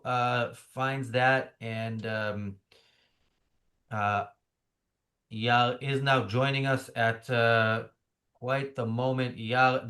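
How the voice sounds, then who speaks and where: Male host, sardonic, mid-pitched, casual political chat. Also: a bit bright. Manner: sardonic, reads viewer comments. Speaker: show host. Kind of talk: casual political talk show.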